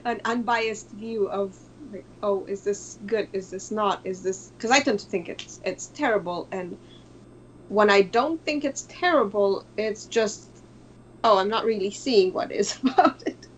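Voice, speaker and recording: A woman's voice: mid-range voice, unhurried, slight background noise. A woman guest on a podcast, chatting casually, hesitant and self-doubting, often trailing off mid-thought. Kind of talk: casual conversation. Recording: dull lo-fi sound.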